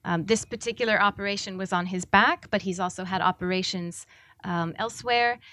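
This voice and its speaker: A woman author giving a public reading of her book, speaking haltingly with many pauses. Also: mid-range voice, bright, forceful tone, no room sound, clean studio sound. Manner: halting, with many ums and uhs.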